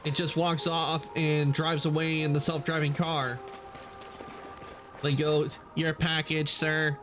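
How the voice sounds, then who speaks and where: A man's voice: fairly high pitch, flat delivery, slow, fairly bright tone, soft background music. A man streaming a game, chatting casually and rambling with lots of filler words. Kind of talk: casual gameplay chat.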